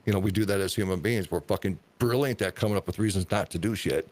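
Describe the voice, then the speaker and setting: Podcast host, male, lower voice, profane and emphatic in casual talk. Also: fast talker, a little mellow.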